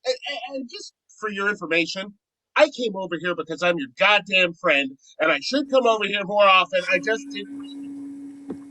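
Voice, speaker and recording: A man's voice: high-pitched, lively intonation, normal speed, no room sound, exaggerated voice, poor audio. A man playing an earnest, pleading friend. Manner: pleading, emotional, swings from soft to loud. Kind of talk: amateur virtual stage play.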